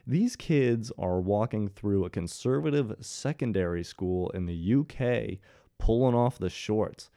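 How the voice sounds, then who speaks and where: Speaking in a lowish, mellow voice, this Ohio-born commentary host in his twenties recounts a story for his viewers, animated yet unhurried. He keeps it casual and peppers it with sarcastic jokes aimed at the audience. There's no echo, just clean studio sound.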